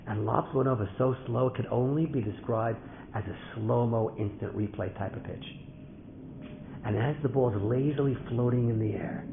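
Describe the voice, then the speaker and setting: Animated male preacher, gravelly, echoey hall. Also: medium pitch, a little hiss or hum. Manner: animated, dramatic storytelling with rising shouts. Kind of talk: sermon storytelling. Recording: thin phone-like sound in an echoey hall.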